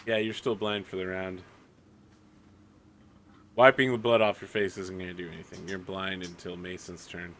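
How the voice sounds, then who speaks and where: Easygoing game master, faint hiss. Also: male voice, low-pitched, level tone, normal speed, long pauses, a bit bright. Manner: casual, rules-explaining, wry. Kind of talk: running a tabletop game.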